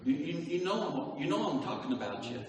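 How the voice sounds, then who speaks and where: A man's voice: on the high side, big pitch swings, moderate pace, a crowd in the background. A man preaching a sermon to his church, building to sing-song emphasis and asking the congregation rhetorical questions. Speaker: pastor. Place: church hall. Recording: echoey hall from far off.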